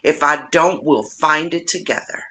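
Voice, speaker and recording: A middle-aged woman hosting a casual livestream, warmly encouraging her viewers and talking to them directly. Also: moderate pace. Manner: warm, encouraging, animated with big pitch swings; playful, addresses viewers directly. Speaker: livestream host.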